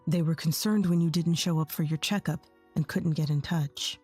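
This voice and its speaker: A woman's voice: low-pitched, steady tone, moderate pace, mellow, breathy edge, soft background music, voice pushed down. A woman voicing an earnest, remorseful young husband. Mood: serious. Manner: earnest, apologetic.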